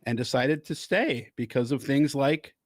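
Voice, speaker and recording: Casting: male podcast co-host, mid-pitched voice, playful and riffing, dry close sound. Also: unhurried, dry recording. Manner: playful, riffing, breaks into silly high voices. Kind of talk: casual chat.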